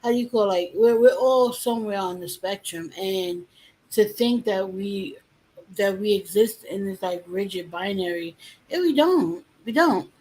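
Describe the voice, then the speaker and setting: A woman's voice: mid-range voice, a little slow, darkish tone, rough recording. A woman in a casual chat, talking things through reflectively with fillers.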